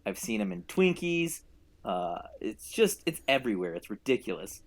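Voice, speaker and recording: A man's voice: fairly low pitch, very animated, normal speed. A man co-hosting a podcast, ranting in an exasperated comic tone. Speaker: podcast co-host. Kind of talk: comic rant.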